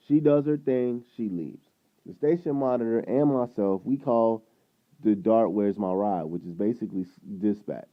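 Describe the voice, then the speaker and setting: A man vlogging, casually retelling a frustrating run-in, rambling and animated, acting out what people said. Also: fairly low pitch, moderate pace. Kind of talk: casual storytelling to camera. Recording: tinny phone-like sound.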